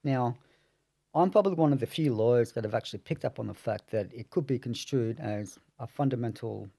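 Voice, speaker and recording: A man in the role of a family lawyer walks through court procedure in a measured, explanatory way. His voice is gravelly, husky and dark, recorded dry and close on a podcast mic. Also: medium pitch, no room sound.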